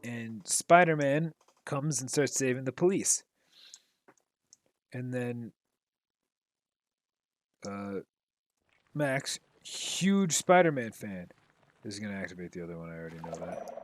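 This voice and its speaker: His voice is medium-pitched and sing-song, slow, with long pauses, as this gaming commentator chats casually through a film recap mid-game. The talk rambles, heavy on fillers, with a swear here and there.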